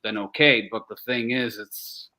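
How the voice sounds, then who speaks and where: A man's voice: fairly low pitch, steady tone, measured pace, bright, forceful tone. A man co-hosting a casual podcast, talking loosely with many fillers. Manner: loose, hesitant, full of fillers. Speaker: podcast co-host. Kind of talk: casual chat.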